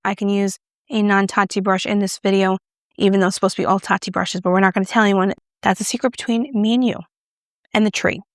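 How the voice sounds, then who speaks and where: Chatty woman with a gravelly edge. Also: mid-range voice, dry recording, studio quality. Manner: chatty, self-mocking, talks while applying makeup. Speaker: beauty vlogger. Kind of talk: casual makeup review to camera.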